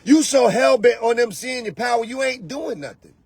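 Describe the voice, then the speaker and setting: A man's voice: very high voice, expressive, normal speed, slightly rough, no room sound. A man hosting a show as a spiritual coach, giving an emphatic motivational talk full of repeated phrases and rhetorical questions. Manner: talks straight to the listener with rhetorical questions. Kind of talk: motivational monologue.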